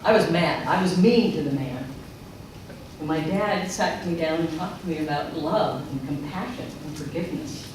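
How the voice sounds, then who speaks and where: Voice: medium pitch, moderate pace. A middle-aged speaker gives a personal storytelling sermon at a spiritual center, acting out remembered quotes. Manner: animated storyteller who acts out remembered quotes. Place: large church sanctuary. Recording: echoey hall from far off, noisy.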